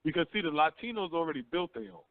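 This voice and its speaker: A man's voice: on the high side, sing-song, rapid-fire, no echo. A man hosting a call-in talk radio show, telling blunt, slangy stories and asking rhetorical questions. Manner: blunt, slangy storytelling, often asks "you see what I'm saying?". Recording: tinny phone line.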